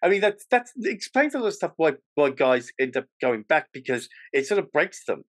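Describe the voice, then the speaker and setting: A man hosting a podcast, asking probing questions in a lively, filler-heavy conversational way. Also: a little high, fairly quick, no room sound, clean studio sound. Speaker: podcast host. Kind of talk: interview conversation.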